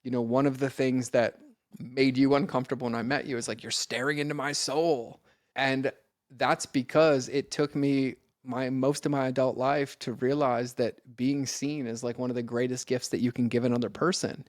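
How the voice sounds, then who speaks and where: A man's voice: mid-range voice, little pitch movement, moderate pace, darkish tone, no room sound. Earnest, direct man, dry sound. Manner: earnest, direct, speaks straight to listeners; casual, peppered with "like" and mild swearing. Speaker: podcast guest, mentor. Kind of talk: casual podcast conversation.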